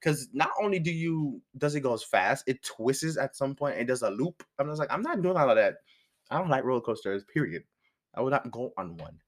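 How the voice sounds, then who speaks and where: A man's voice: medium pitch, a little fast. Young man telling a story. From outside the United States. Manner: animated, laughs often, swears freely. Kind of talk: casual storytelling.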